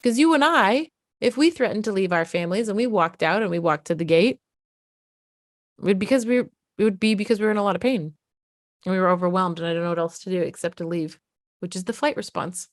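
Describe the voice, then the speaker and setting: A woman's voice: mid-range voice, quick pace, no echo, clean studio sound. A middle-aged woman talking candidly to parents as a parenting coach, casual and frank, swearing freely.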